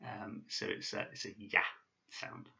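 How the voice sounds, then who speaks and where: A man's voice: deep voice, wildly swooping pitch, a little slow, creaky, bright, forceful tone, lo-fi sound. A man teaching basic pronunciation in a casual video lesson, with many fillers and restarts. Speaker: language teacher.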